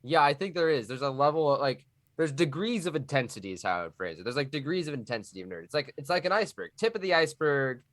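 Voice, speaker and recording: A man's voice: fairly high pitch, big pitch swings, quick pace, a bit bright, no room sound, studio quality. A man from Texas chatting loosely on a podcast, joking and sometimes sliding into a Texan drawl or a nerdy put-on voice. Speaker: podcast guest. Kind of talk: casual podcast chat.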